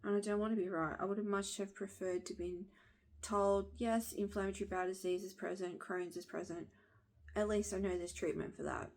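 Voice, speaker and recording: Woman, thirties, husky gravelly voice, frustrated, blunt. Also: medium pitch, steady tone, a little fast. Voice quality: husky smoker-like voice. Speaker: vlogger. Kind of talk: venting to camera.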